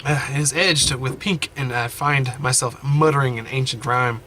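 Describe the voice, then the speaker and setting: A man playing a story game at home, reading the text aloud with animated running commentary and frequent self-corrections. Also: medium pitch, moderate pace, hardly any pauses, slight background noise. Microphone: desk mic, wearing headphones.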